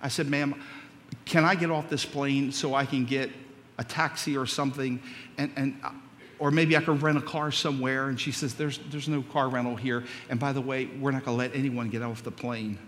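A man's voice: mid-range voice, little pitch movement, normal speed, fairly bright tone, a little hiss or hum. A male pastor preaching a sermon, telling a story and acting out the dialogue before building to emphatic preaching. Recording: long hall reverb.

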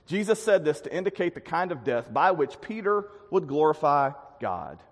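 A man preaching a sermon, earnest and dynamic, with emphatic swells and quiet drops. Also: a little high, big pitch swings, moderate pace. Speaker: pastor. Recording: long hall reverb.

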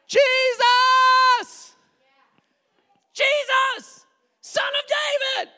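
Give me a preacher playing a desperate blind beggar man, shouting high and bright in a reverberant room. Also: exaggerated voice. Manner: shouting with full force.

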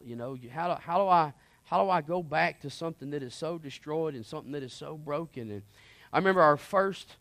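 A man preaches his own testimony with a slightly high voice. He is earnest and impassioned, sliding from hushed confession to emphatic urgency. The sound is dry and close, with no room echo. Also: fairly quick. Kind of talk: personal testimony sermon.

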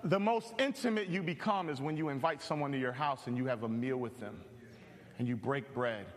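A male pastor preaching a sermon with animated, joking storytelling. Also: mid-range voice, brisk, in a large hall.

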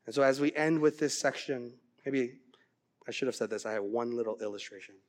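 A middle-aged man preaching a sermon as pastor, earnest and growing animated as he tells a story. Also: mid-range voice, brisk.

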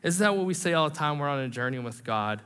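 A pastor delivers an animated, conversational sermon to his congregation, slipping in self-deprecating humor. He talks fast and smoothly in a slightly high, bright, forceful voice, with long church-hall reverb on the recording.

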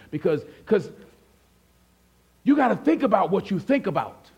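High-voiced male pastor preaching. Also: lively intonation, fairly quick, pauses often, slightly rough. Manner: conversational, asks the congregation questions; acts out listeners' replies in a softer voice. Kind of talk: sermon.

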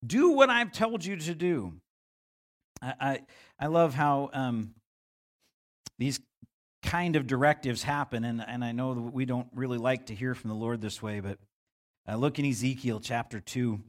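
This middle-aged pastor speaks at a moderate pace with fairly even intonation in a conversational sermon. When he acts out quotes his voice turns livelier, and for God's lines his pitch rises.

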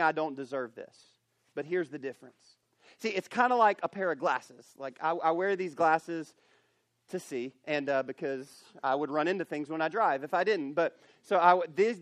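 A man's voice: sits high, a bit bright, no room sound, clean studio sound. A man preaching a sermon at a camp, earnest and emphatic, often repeating and restarting phrases. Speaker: camp speaker.

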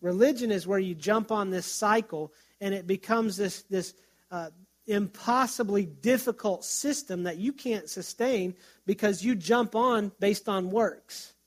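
A man's voice: sits high, a little slow. A middle-aged man, a pastor, preaching in a conversational way and telling stories, with frequent restarts. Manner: conversational, storytelling with self-restarts. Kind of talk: sermon.

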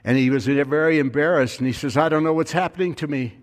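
A man's voice: a little high, fast, big-room sound. A male pastor telling a story in a sermon, his voice rising and falling with emphasis.

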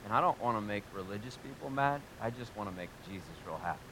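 A man preaching a sermon to a live congregation, energetic and joking, asking them questions directly. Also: fairly low pitch, fast, noisy background. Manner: energetic, joking and talking straight to the audience. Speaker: pastor.

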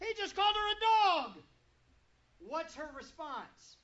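A pastor preaching a sermon to a congregation, full of rhetorical questions and swinging between loud and quiet. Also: very high-pitched, very animated, slow. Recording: dull lo-fi recording.

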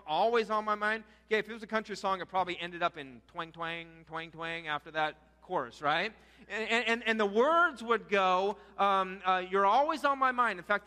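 A pastor with a high, bright voice gives a sermon in a conversational preaching style, posing rhetorical questions. The recording carries long hall reverb.

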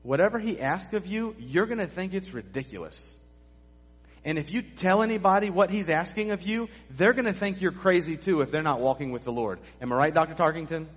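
Husky pastor preaching in a reverberant church. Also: male voice, on the high side, expressive, a little fast. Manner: storytelling, conversational preaching with asides to the congregation. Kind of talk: sermon. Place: church sanctuary. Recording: long hall reverb.

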